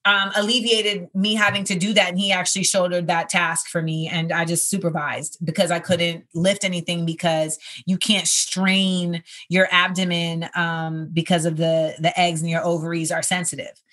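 A woman's voice: lowish voice, flat delivery, moderate pace, hardly any pauses, fairly bright tone. A woman in her thirties, a comedian hosting a podcast, chatting casually in a rambling, conversational way. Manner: rambling, conversational, filler-heavy. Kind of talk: casual chat.

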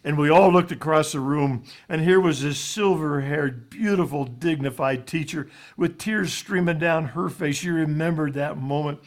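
A man's voice: fairly high pitch, moderate pace, few pauses. A man telling a heartfelt story as a guest on a talk show, earnest and folksy, with plenty of "uh"s. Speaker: guest speaker.

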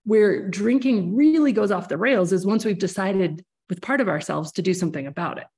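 A woman's voice: mid-range voice, animated, moderate pace, darkish tone. A woman hosting a podcast, explaining ideas earnestly at length, with many restarts. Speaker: podcast host. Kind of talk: casual interview chat.

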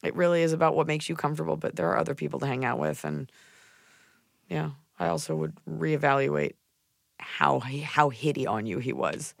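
A woman's voice: low-pitched, creaky, no room sound, studio quality. Blunt, sarcastic woman podcast host. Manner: blunt, sarcastic, quick asides. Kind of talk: casual chat.

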